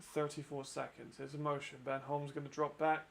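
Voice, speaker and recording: A man with a high voice calls an American football game as he watches it. He is excitable, quick to laugh and swears freely, moving between play calls and loose chat. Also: creaky, slight background noise. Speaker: football watch-along host. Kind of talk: excited live commentary and chat.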